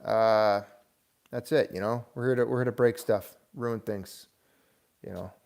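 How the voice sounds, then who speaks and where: A middle-aged man hosting a casual livestream, rambling and animated as he rails against bankers. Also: lowish voice, unhurried, gravelly. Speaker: channel host.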